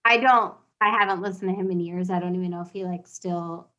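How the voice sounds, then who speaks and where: A woman's voice: on the low side, brisk, lo-fi sound. A young woman hosting a casual chat, animatedly retelling a comedy routine and acting out its voices. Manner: animated, acts out comedy bits with theatrical voices. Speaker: podcast host.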